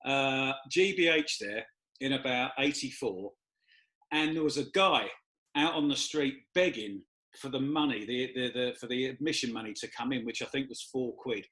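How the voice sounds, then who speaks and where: A man, hosting a casual chat and telling lively anecdotes in which he acts out the people he quotes. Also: mid-range voice, normal speed. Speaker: host.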